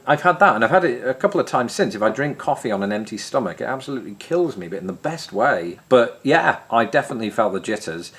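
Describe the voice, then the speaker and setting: A man's voice: medium pitch, big pitch swings, fast talker, few pauses, fairly bright tone. A man with an English accent from Grimsby, with some American R sounds, chatting wryly to camera as he answers viewer questions. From England. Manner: chatty and wry, self-deprecating jokes. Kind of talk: casual chat to camera.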